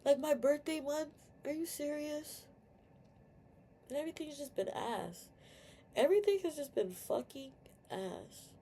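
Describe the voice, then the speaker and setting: A woman's voice: high-pitched, lively intonation, a little slow, long pauses, warm tone, slight background noise. A young woman venting candidly in a personal video rant, full of fillers and swearing, tearful at times. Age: young adult. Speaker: vlogger.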